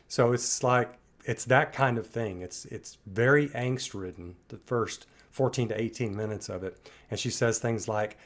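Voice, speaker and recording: A middle-aged man talks through his thoughts in a reflective commentary, musing and circling back as he goes. His voice sits at an ordinary middle pitch for a man. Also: moderate pace, hardly any pauses. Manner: thoughtful, musing, loosely rambling. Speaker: reaction commentator.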